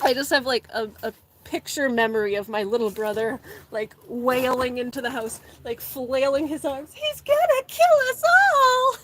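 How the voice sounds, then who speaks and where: A woman's voice: a little high, fairly even intonation, moderate pace, background noise. A young woman vlogger chatting casually while gardening, rambling, saying "like" a lot and laughing often. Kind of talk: casual chat. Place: garden, repotting plants.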